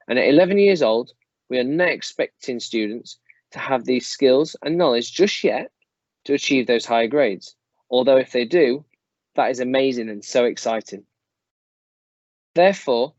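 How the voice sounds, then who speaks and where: A man giving a formal, measured presentation to parents as a school staff member. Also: mid-range voice, a little mellow, no room sound. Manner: measured, formal, explanatory delivery. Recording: slightly dull, dry close recording.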